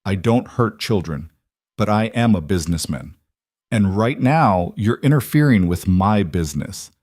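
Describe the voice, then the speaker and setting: A man voicing a cold, educated male crime boss who makes calm, veiled threats in a smooth voice. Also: on the low side, a little slow, no echo, studio quality. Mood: menacing.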